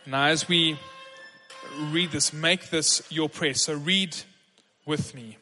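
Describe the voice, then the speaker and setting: A man's voice: on the high side, fairly even intonation, slow pace, sharp tone, soft background music. A man preaching as a pastor, earnest and encouraging, leading a congregation in prayer. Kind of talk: sermon. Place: large church hall. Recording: long hall reverb.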